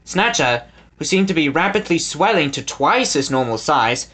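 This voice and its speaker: A man reading a children's storybook aloud as the narrator, with an expressive delivery. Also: mid-range voice, moderate pace. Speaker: audiobook reader.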